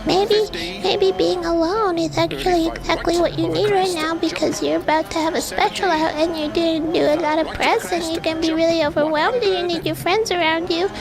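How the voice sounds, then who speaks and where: A man's voice: extremely high pitch, steady tone, normal speed, gravelly, voice pushed up, low-quality recording. A man doing a meek scrawny inner weakling. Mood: pleading. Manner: hesitant, pleading, stammering. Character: scrawny timid male inner self, meek and hopeful. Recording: music playing behind.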